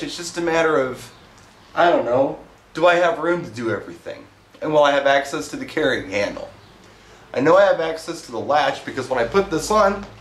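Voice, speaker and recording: A man's voice: on the high side, a bit bright. A man casually narrating how he sets up DJ gear, talking to himself as he works, a little out of breath from the lifting. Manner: chatty, self-narrating while working, mild humor. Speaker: mobile DJ demonstrating gear. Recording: echoey room, mic far off, faint hiss.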